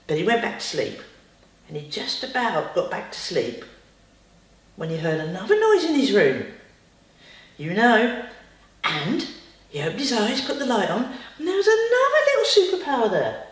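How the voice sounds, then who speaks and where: A woman telling a bedtime story to a child, with chatty, lively asides. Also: medium pitch, a little slow, pauses often. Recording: roomy, distant.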